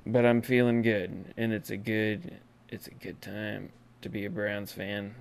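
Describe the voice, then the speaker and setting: A man in his thirties doing a comedic sports rant as a podcast segment host, swinging between shouts and hushed lines. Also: fairly low pitch, level tone, a little slow, vocal fry, hardly any pauses, slight background noise. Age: 30s.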